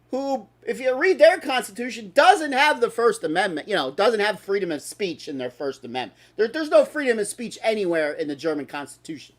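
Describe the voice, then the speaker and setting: A man's voice: sits high, big pitch swings, fairly quick, hardly any pauses. A man hosting a talk stream, ranting in an angry, sarcastic and profane way. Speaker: host.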